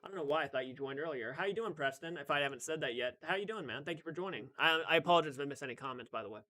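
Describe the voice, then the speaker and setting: A man's voice: fairly high pitch, lively intonation, racing, bright, forceful tone. Chatty young man hosting a live stream. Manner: chatty, greets viewers by name, frequent restarts. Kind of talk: casual live stream chat.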